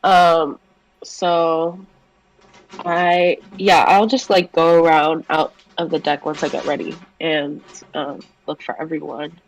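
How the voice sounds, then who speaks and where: Slow, hesitant tabletop player. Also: medium pitch, little pitch movement, low-quality recording. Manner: hesitant, lots of "um" and "I guess". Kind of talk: casual tabletop play.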